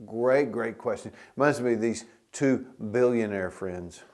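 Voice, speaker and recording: A pastor preaching a sermon, telling stories in a loose conversational way with restarts, and getting loud when he reads scripture. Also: medium pitch, a little slow.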